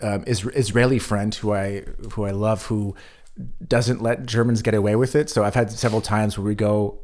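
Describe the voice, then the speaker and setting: A man co-hosts a casual podcast, chatting and acting out quoted exchanges while he tells stories. His voice is lowish and a little mellow, with fairly even intonation at a normal speed.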